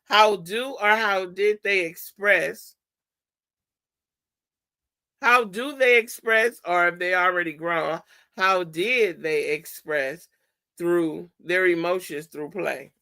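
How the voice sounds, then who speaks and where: Slow, gravelly woman teaching in casual talk. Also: on the low side, sharp tone. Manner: asks the audience rhetorical fill-in questions; restarts and corrects herself mid-sentence. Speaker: podcast host presenting a segment. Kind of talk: informal teaching talk to listeners.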